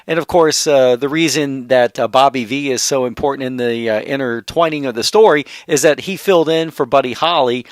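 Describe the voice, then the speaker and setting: A man hosting an oldies radio show, chatting casually about old records with lots of pauses and fillers. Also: mid-range voice, no room sound. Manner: rambling, many "uh" fillers, trivia-sharing.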